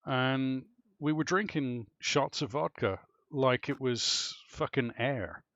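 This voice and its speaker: A man's voice: mid-range voice, slow pace, no room sound, highs cut off. Swearing Irish man telling stories. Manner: animated, swears freely, restarts often. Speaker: streamer chatting with clanmates. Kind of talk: casual storytelling chat.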